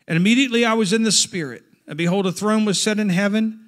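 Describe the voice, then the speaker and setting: With a high voice and a fast pace, this male pastor reads scripture aloud during a Pentecostal sermon, working up to fervent shouting.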